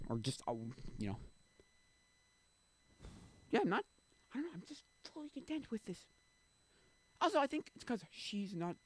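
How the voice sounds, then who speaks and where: Rambling, lively-voiced young man streaming. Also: mid-range voice. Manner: rambling, musing aloud with many restarts. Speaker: live streamer. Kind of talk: casual chat.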